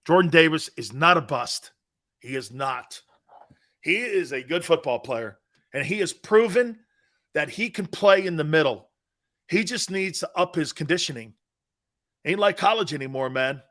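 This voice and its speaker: Sports-talk host: middle-aged American man, bright forceful delivery, pitched a bit high, rowdy and animated. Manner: animated, loud bursts, laughs a lot. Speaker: sports talk show host reading live chat. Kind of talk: casual live sports talk.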